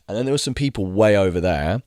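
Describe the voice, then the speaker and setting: Man, casual vlog rant, low voice, restless and profane, lots of fillers. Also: expressive, fast talker, a little mellow, dry recording, studio quality. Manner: agitated, many fillers and restarts; swears freely. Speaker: vlogger.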